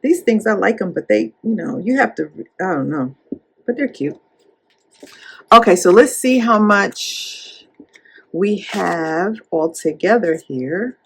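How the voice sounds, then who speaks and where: A woman chatting casually while counting cash at home, animated and playful as she retells a story. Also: mid-range voice, slow pace, gravelly, pauses often, breathy edge. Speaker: cash-stuffing YouTuber.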